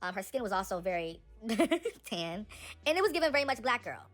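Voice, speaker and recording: Fast-talking animated woman vlogger. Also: medium pitch, faint music behind. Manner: animated, talks straight to viewers as "y'all". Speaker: celebrity gossip vlogger. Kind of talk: casual chatty commentary.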